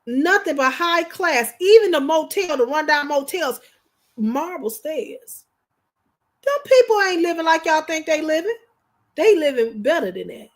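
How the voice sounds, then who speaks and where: A woman chatting casually on a livestream, telling animated stories to her viewers in slangy, informal speech. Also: sits high, measured pace. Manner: animated, chatty storyteller addressing viewers directly. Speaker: livestream host.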